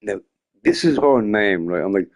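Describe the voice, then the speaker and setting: A man's voice: lowish voice, big pitch swings, moderate pace. A young man chats off the cuff on a gaming live stream. He rambles and swears freely, and his voice swings widely up and down as he talks. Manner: rambling and profane, often laughing. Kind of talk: casual live-stream chat.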